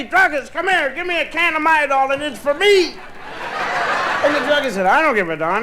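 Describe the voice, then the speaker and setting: A man telling a long comic story on stage, acting out the other voices in the tale. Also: extremely high pitch. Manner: animated storyteller, acting out both sides of dialogue. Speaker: stand-up comedian. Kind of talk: stand-up storytelling to a live audience. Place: live stage with audience laughter. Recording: vintage vinyl live recording with faint hiss.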